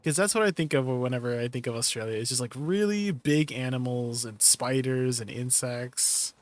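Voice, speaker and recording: A man's voice: mid-range voice, moderate pace, no room sound. A man streaming live and chatting casually with his viewers, laid-back and laughing often. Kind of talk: casual livestream chat with viewers.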